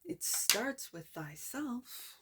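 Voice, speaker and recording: Tarot reader, woman, slightly high voice, playful and exclamatory, sometimes going hushed. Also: very animated, drawn-out words, noisy background. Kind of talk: tarot reading.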